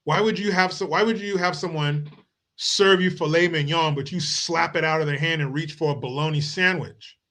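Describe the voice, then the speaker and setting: A man's voice: fairly high pitch, steady tone, normal speed, sharp tone. A man hosting a commentary podcast, ranting in a blunt, mocking way with plenty of profanity. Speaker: podcast host. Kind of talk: political commentary rant.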